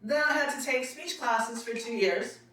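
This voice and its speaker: Telling chatty stories about acting class, this New York–accented woman from Queens laughs a lot and acts out the quotes in a casual monologue. Her voice runs on the high side at a normal speed, captured from a distance with heavy reverb.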